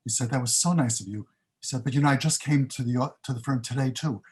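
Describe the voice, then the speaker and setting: A man's voice: mid-range voice, quick pace, darkish tone, slightly rough. An older man on a panel, recounting his career in a rambling, self-interrupting way.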